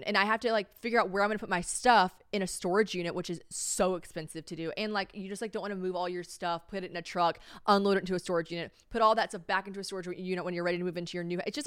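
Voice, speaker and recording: Woman, young adult, podcast host, casual rambling chat, smooth clear voice, dry sound. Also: medium pitch, fairly bright tone, no room sound. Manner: rambling storytelling, acts out quoted voices.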